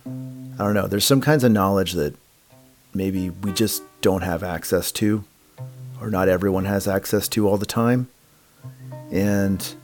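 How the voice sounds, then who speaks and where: A man narrating a podcast in a relaxed, musing way. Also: deep voice, unhurried, pauses often, soft background music. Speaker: podcast host.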